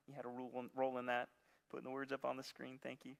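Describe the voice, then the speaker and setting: A man preaching a sermon, telling a parable in an animated way with frequent restarts. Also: medium pitch, fast talker, vocal fry. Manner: animated storytelling with repeated restarts. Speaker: pastor. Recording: long hall reverb.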